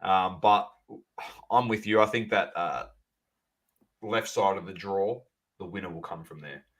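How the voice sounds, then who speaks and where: Aussie bloke co-hosting a sports podcast, lowish voice, lively banter. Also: male voice, measured pace. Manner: animated, banter-heavy, addresses listeners as ladies and gentlemen. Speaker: podcast co-host. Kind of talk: casual sports chat.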